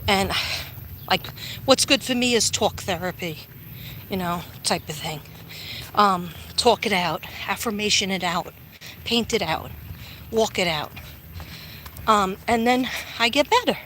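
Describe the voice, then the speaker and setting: A woman's voice: mid-range voice, animated, a little slow, pauses often, fairly bright tone, a little hiss or hum. A woman vlogger telling a long personal story in a rambling, chatty way while walking outdoors, talking into a phone with many ums. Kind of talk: casual walking livestream chat.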